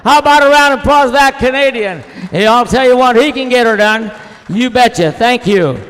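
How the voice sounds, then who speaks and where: A man's voice: extremely high pitch, normal speed, fairly bright tone. A man hosting a student auction, introducing bidders and items with hearty, folksy banter. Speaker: auction host. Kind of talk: folksy emcee patter. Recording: echoey hall.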